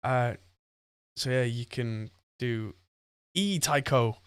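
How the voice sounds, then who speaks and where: A man's voice: mid-range voice, takes it slowly, smooth, no room sound. A man hosting a podcast, chatting casually and rambling with frequent laughs. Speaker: podcast host. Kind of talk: casual chat.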